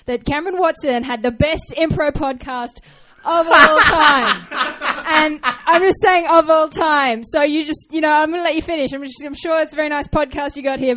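A high, brash voice from a woman barges in, boasting and repeating herself. It sounds slightly distant, with a faint hiss behind it. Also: a bit bright. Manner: interrupting, repetitive, mock-boastful. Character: brash woman cutting in to boast, mock rapper interruption.

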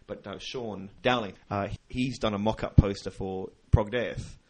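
A man's voice: fairly low pitch, steady tone, a little slow, a little mellow, husky. A man co-hosting a casual podcast, telling stories animatedly, acting out voices and laughing often. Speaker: podcast co-host. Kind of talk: casual chat.

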